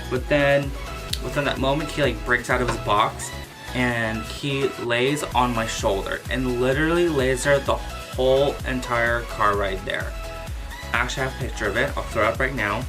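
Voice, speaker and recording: A man vlogger telling a casual storytime about his pet, animated and full of exclamations. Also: medium pitch, moderate pace, music in the background. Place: at home with his cat.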